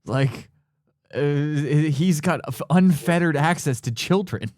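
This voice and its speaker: A man's voice: on the high side, slow pace, darkish tone, no room sound, clean studio sound. A man co-hosting a comedy podcast, riffing casually and laughing often. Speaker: podcast co-host.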